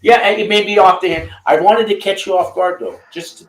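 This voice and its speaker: A man hosting a casual chat, giving rambling advice with many halting restarts and fillers. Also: high voice, fairly even intonation, reverberant, poor audio. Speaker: host coaching a guest.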